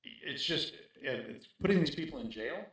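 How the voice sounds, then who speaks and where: A man's voice: a little high, expressive, moderate pace, fairly bright tone. A man speaking in a casual interview as a guest, making his points emphatically and checking in with "right?". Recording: very echoey room.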